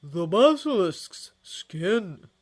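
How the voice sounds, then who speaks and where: Old male headmaster wizard, done by a woman: measured, grave, unhurried, storybook. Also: lowish voice, sing-song, a little mellow, pitched above the performer's own voice, exaggerated voice.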